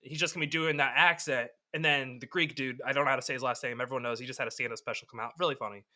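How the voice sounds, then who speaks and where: Man, twenties, rapid talker, bright forceful tone, rambling, profane, podcast banter. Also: medium pitch, fairly even intonation. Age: 20s. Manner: rambling, profane, self-interrupting. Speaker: podcast co-host. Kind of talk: casual sports podcast banter.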